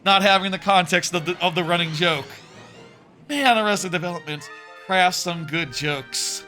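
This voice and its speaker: A man's voice: sits high, a little slow, pushed and bright. A man in his thirties chatting casually on a live stream while he plays, rambling with many fillers and restarts. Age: 30s. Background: faint game music.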